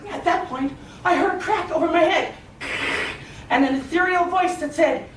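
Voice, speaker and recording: A woman delivering a humorous tall-tale speech with a theatrical, lively delivery, recorded from far off in an echoey, noisy hall. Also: very high voice, moderate pace. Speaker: speaker.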